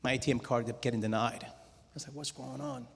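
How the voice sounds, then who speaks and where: A middle-aged man giving a testimony talk to a conference audience, telling his story in a lively way and acting out his own quoted words. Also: mid-range voice, brisk, creaky, a little hiss or hum. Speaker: conference speaker. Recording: long hall reverb.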